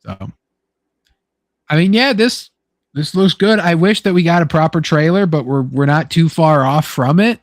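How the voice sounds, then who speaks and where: A young man with a slightly high voice chats excitedly as host, swearing freely and acting out little quoted lines. The sound is dry and close, with no room around it. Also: moderate pace, no echo. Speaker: podcast host. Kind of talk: casual chat.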